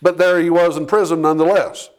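A man's voice: fairly high pitch, fairly even intonation, quick pace, clear, resonant tone. A male pastor preaching a sermon in a conversational style, peppering his points with "okay?" and "Amen?" and building in intensity as he exhorts.

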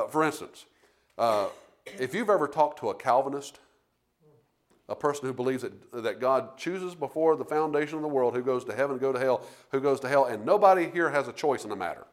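A man preaching a sermon, rambling through restarts and then building to emphatic points. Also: mid-range voice.

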